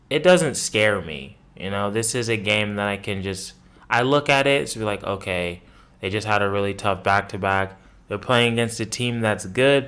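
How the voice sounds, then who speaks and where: Male sports podcast host, lowish voice, profane and exasperated, loose rambling rant. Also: fairly bright tone, smooth. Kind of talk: casual sports commentary rant.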